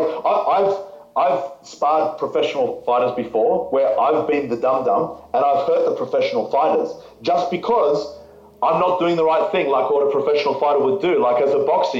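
A man's voice: mid-range voice, darkish tone. A man speaking frankly as a podcast guest, rambling with fillers and restarts. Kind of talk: casual conversation. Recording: echoey, slightly dull audio.

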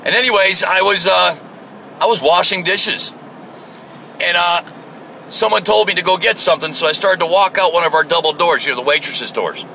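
Gravelly rambling man recording in his car. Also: high voice, normal speed. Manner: rambling, joking, swears freely. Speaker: podcast host. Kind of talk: casual storytelling monologue. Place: inside a car while driving. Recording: distant in-car recording with loud road noise.

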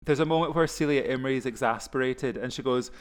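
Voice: mid-range voice, fast. A podcast co-host in casual chat, enthusiastic and fond of quoting comedy lines.

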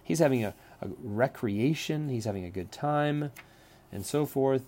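A man's voice: mid-range voice, animated, a little slow, mellow. A man teaching a lecture on a play, talking conversationally, often repeating words and checking in with "right?".

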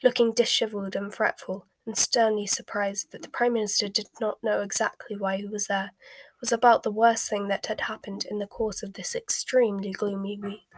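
A woman narrates a storybook in a soft, breathy whisper of middling pitch. The sound is dry and close, with no room around it. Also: level tone, moderate pace, no echo. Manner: soft, mostly unvoiced whisper.

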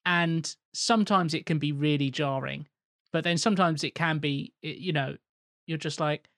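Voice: medium pitch, moderate pace, fairly bright tone, no room sound. A speaker joins the podcast chat in a playful way, laughing often. The recording is close and dry. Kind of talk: casual chat.

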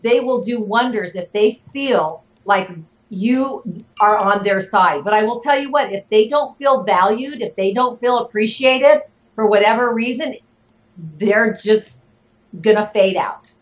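Middle-aged woman guest, earnest and animated, bit of a dull lo-fi sound. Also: fairly high pitch, unhurried. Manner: earnest, animated, lots of fillers. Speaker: guest, network marketing leader. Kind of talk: casual interview talk.

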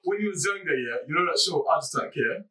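A man's voice: on the high side, lively intonation, fast, bright, forceful tone, distant mic, low-quality recording. A man co-hosting a casual banter podcast, teasing and laughing often. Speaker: podcast co-host.

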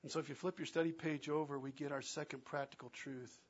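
A man preaching a sermon, acting out quoted lines and swinging between loud and soft. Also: a little high, fairly even intonation, quick pace, muffled recording. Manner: dramatic, acts out quoted lines with big swings in loudness. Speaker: pastor.

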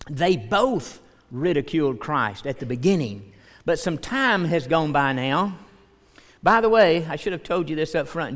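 Man, pastor, sermon, very slow delivery, long echo of a big room. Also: fairly high pitch, a bit bright. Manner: slow, earnest preaching, reading scripture aloud. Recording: long hall reverb.

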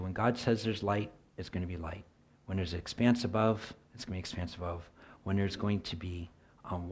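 A middle-aged man preaching a sermon in an earnest voice, swinging from loud emphasis to soft near-whispered asides. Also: sits low, breathy edge.

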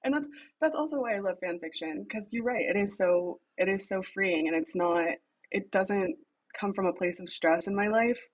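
Husky-voiced young woman, chatty and animated. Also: mid-range voice, moderate pace, low-quality recording. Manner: animated, laughs often, acts out characters' lines. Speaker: podcast guest, fanfic writer. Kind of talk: casual podcast chat.

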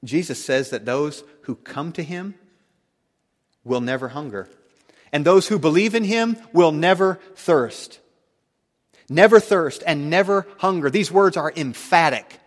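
A man preaching a sermon, emphatic, swinging between loud declarations and hushed tones. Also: on the high side, measured pace, long reverb tail.

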